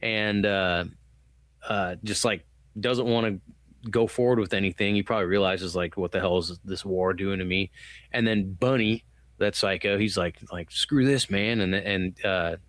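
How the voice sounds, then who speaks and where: A man's voice: low-pitched, fairly even intonation, normal speed, fairly bright tone, dry recording. A man co-hosting a podcast, talking loosely and with swearing in a casual movie review chat, acting out quotes as he goes. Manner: rambling, loose and profane, acts out quotes. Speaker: podcast co-host.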